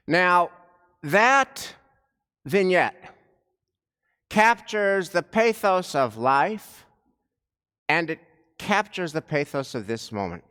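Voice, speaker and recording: A man delivering a sermon as a rabbi, telling a story slowly and deliberately with dramatic pauses, recorded in a synagogue sanctuary. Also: high voice, pushed and bright, clean tone. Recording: long reverb of a large sanctuary.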